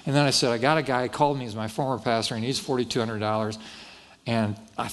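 Speaking quickly in a steady, mid-range male voice, a pastor tells a story during his sermon. He keeps it folksy and self-deprecating, acting out the dialogue as he goes.

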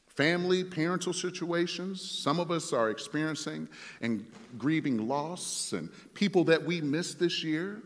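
A man's voice: fairly high pitch, fairly bright tone. A man preaching a sermon as pastor, emphatic and building through repeated refrains, with speech, in a church sanctuary. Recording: reverberant sanctuary.

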